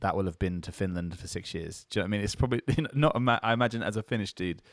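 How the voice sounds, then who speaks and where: A man's voice: fairly low pitch, very fast, dry recording, studio quality. A young man with a southern English accent, co-hosting a casual podcast chat and telling stories in a loose, rambling way full of fillers. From England. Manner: rambling, loose storytelling with many fillers and restarts. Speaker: podcast co-host.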